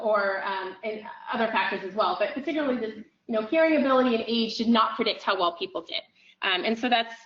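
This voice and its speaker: A woman giving an academic lecture in a room, pausing often with ums and restarting her phrases. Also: fairly high pitch, a bit bright, muffled recording. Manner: frequent ums, thoughtful restarts.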